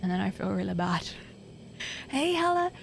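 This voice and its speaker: A woman's voice: medium pitch, very animated, moderate pace, vocal fry, soft background music. A woman live streaming a game, chatting casually and directly with her viewers. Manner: chatty, talks straight to viewers. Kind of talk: casual gaming stream chat.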